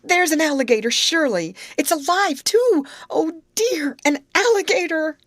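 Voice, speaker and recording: Woman doing a shrill panicky teen girl. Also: animated, moderate pace, fairly bright tone, dry recording, studio quality. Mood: panicked. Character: nervous excitable teenage girl.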